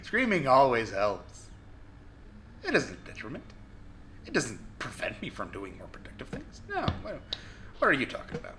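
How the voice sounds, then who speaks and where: A man commenting on his own gameplay, shouting and swearing in frustration between joking asides. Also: mid-range voice, huge pitch swings, normal speed, pauses often, noisy background. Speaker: gaming video host. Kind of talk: let's play commentary.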